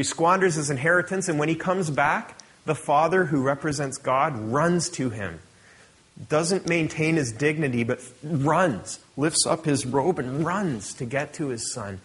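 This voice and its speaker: A middle-aged male pastor preaching with a slightly husky voice. He reads scripture aloud, then explains it in an easygoing, conversational manner. His pitch sits in the ordinary middle range for a man. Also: fairly bright tone. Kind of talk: sermon.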